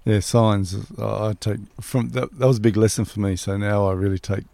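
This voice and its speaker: A man with a low, gravelly voice speaks in a relaxed, reflective way. He tells a story in casual conversation. The sound is dry and close. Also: no room sound. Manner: reflective, spiritual, unhurried.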